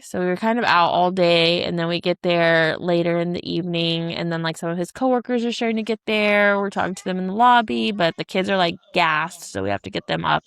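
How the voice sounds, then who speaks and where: Woman, 30s, podcast co-host; chatty, rambling storyteller with a low gravelly voice. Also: a bit bright, dry recording. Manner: rambling, full of "like" and restarts. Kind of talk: casual storytelling chat.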